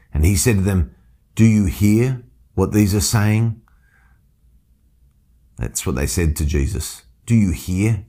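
A man preaching a sermon, reading scripture aloud and explaining it verse by verse. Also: lowish voice. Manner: expository, reads scripture then explains. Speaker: pastor. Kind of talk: sermon teaching.

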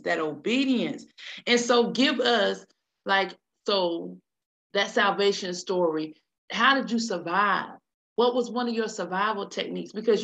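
Slow, gravelly woman host. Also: mid-range voice, fairly bright tone. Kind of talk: interview questions.

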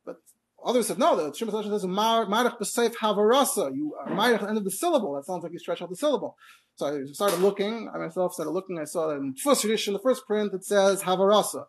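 Male Torah teacher. Talks fast and explains things with lots of asides. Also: high voice, animated, husky. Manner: rapid, explanatory, full of fillers and asides. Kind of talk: Torah class on Hebrew pronunciation.

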